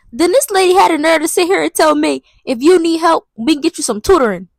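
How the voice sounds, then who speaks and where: A woman's voice: sits high, animated, fast, creaky, few pauses, no room sound. A young woman telling a dramatic, slangy storytime vlog. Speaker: vlogger. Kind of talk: casual storytime monologue.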